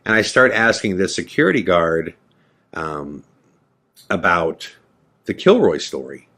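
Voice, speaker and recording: A man with a deep, low voice telling a personal story on a podcast in loose, casual talk. He acts out what he said back then and swears now and then. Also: a little slow. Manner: animated storyteller, acts out his own past lines, swears casually.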